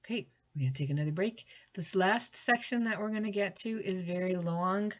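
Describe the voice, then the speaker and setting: A woman's voice: lowish voice, fairly quick, dull audio. A woman teacher giving a recorded lesson in a conversational way, thinking aloud with fillers and restarts.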